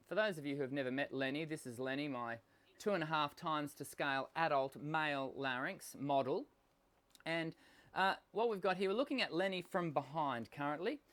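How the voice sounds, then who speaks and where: A man's voice: a little high, a bit bright. An Australian man hosting a live singing lesson, talking casually with lots of ums and restarts while unwell and coughing now and then. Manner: chatty, explanatory, many fillers and restarts. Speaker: host and voice coach.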